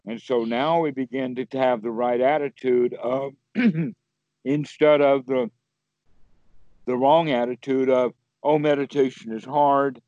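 Speaking slowly with frequent pauses and fairly even intonation, a man gives a casual Buddhist teaching on a call in a dark-toned voice. He playfully enacts inner voices, jumping into sudden high exclamations. The recording is dry and dull.

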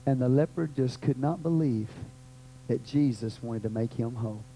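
A pastor with a Texan accent preaching a sermon, rising to loud cries and dropping to quiet murmurs. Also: male voice, moderate pace, a little hiss or hum, rough recording. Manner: fervent, swings from loud cries to low murmurs. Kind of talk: sermon with prayer.

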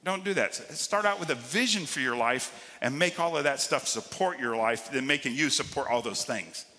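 Male pastor, sermon, bright forceful voice, big swings from loud to hushed, long church reverb. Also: sits high. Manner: preaching with big swings between loud emphatic lines and quiet drawn-out ones.

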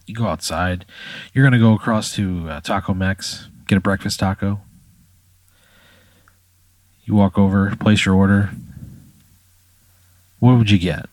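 A man's voice: fairly low pitch, fairly even intonation, unhurried, pauses often, no room sound. A man spinning an improvised story in a loose, casual way, swearing and saying "like" and "you know" a lot. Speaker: podcast storyteller.

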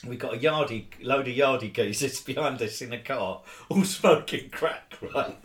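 A man, co-hosting and telling a rambling story in casual chat, laughing and bursting into loud bits. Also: mid-range voice, normal speed. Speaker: co-host, storyteller. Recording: echoey room.

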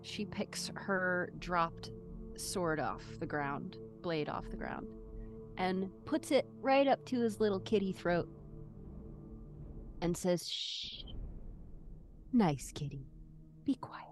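A woman's voice: lowish voice, slow pace, long pauses, soft background music. A woman playing a tabletop game, chatty and self-deprecating as she describes her character's moves. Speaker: player. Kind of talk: casual play at a tabletop game.

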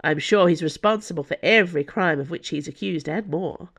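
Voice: medium pitch, a little fast, fairly bright tone. The narrator voicing an observant young woman musketeer who speaks in urgent, clipped bursts.

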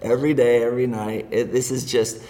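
A man's voice: mid-range voice, little pitch movement, fairly quick, dark tone. A middle-aged man speaking as a guest in a casual interview, earnest and rambling, often laughing as he talks.

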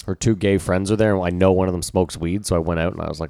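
Man, young, low voice, podcast co-host, swears a lot, animated storyteller, dry close sound. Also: rapid-fire, no room sound. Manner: profane, animated storytelling with acted-out quotes. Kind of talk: casual chat.

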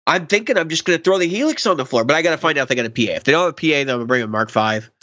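A man co-hosting a podcast, chatting casually and enthusiastically about guitar and sound gear with quick asides. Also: fairly high pitch, animated, bright, forceful tone, no room sound, dull audio.

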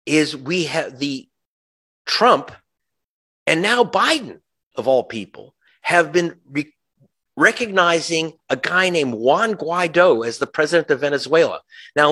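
A man's voice: fairly high pitch, pushed and bright. A male journalist, a guest in an interview, giving passionate political commentary, sarcastic, with frequent restarts. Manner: impassioned, sarcastic, many restarts.

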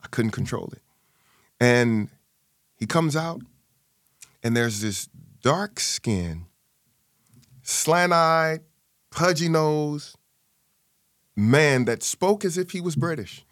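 A man's voice: slow pace, long pauses, no echo, clean studio sound. A man telling a personal family story in an interview, acting out the people he quotes. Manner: animated, acts out quoted voices with big pitch jumps. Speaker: guest.

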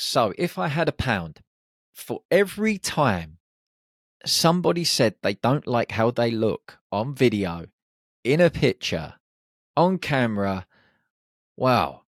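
A man's voice: medium pitch, very animated, measured pace, no echo, clean studio sound. A man hosting a podcast, talking listeners through confidence in an upbeat, encouraging way with jokey asides. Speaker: podcast host. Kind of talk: motivational podcast monologue.

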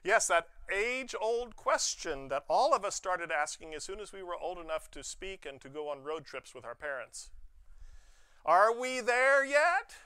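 A male pastor preaching an Easter sermon, expressive, with playful asides. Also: on the high side, normal speed, few pauses, smooth, dry recording. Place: church sanctuary.

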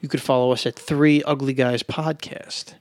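A man's voice: mid-range voice, fairly even intonation, moderate pace, no echo, studio quality. A man co-hosting a podcast, upbeat, plugging the show's social accounts in casual chat. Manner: upbeat, reads out plugs. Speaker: podcast co-host.

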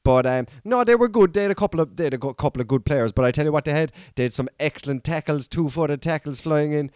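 A man in his thirties with an Irish accent rambles through a comic podcast monologue, animated and peppered with "like". His voice sits a little high. The recording is close and dry with no room sound. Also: fast talker, smooth, dry recording. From Ireland. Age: 30s. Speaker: podcast host. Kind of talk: casual comedic monologue.

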